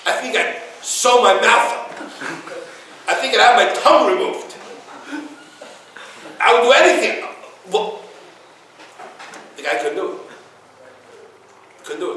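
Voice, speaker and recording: A man's voice: high-pitched, sharp tone, a little hiss or hum. A man giving an informal Torah class, telling stories with humor and acting out dialogue, mixing in Yiddish and Hebrew words. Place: room with listeners. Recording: very echoey room, voice from far off.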